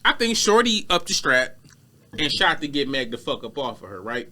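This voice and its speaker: A man co-hosting a podcast, talking in a lively, slangy way with frequent swearing. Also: mid-range voice, normal speed. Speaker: podcast co-host. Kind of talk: casual chat.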